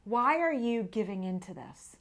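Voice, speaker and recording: A firm, caring girlfriend, as a woman vlogger quotes her, urges a friend to pull herself together. She speaks in a coaxing, pressing way, a little higher than usual, and her voice rises and falls as she pleads. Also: lively intonation, moderate pace, fairly bright tone. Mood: urging. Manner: urgent and coaxing.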